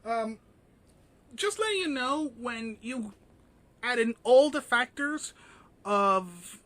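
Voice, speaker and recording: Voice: medium pitch, lively intonation, slow, a bit bright, no room sound. A vlogger giving an indignant, ranting commentary, full of fillers and swearing.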